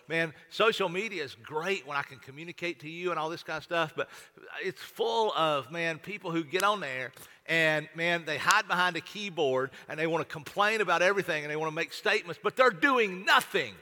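A man's voice: a little high, brisk, bright, forceful tone. A man preaching a sermon in a folksy, repetitive way, often stammering and restarting as he talks to the congregation. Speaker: pastor. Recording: long hall reverb.

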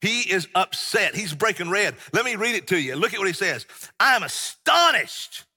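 A middle-aged pastor preaches with passion and folksy emphasis. His voice is bright and husky. It carries a long reverb through the church. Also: high-pitched, lively intonation, fairly quick. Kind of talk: sermon. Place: church sanctuary.

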